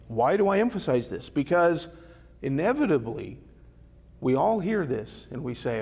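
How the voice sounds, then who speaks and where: A man's voice: medium pitch, sing-song, moderate pace, gravelly, a little mellow, slightly rough. A man preaching a Bible study sermon in a conversational way, often tossing rhetorical questions to his listeners. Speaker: pastor. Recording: long hall reverb.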